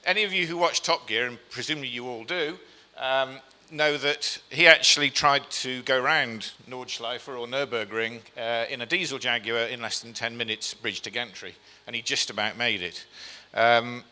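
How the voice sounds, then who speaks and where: Hardly pausing, a man with a bright, forceful mid-range voice moves at a moderate pace through a chatty slide talk. He frequently says um, jokes at his own expense, and asks the live audience questions in an event hall that gives a long reverb.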